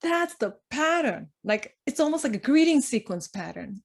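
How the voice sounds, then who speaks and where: A woman's voice: on the high side, moderate pace, hardly any pauses. A middle-aged woman presenting to an audience in a conversational way, telling family anecdotes and acting out quoted lines with frequent laughter. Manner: animated storyteller, acts out quoted lines, laughs often. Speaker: conference speaker.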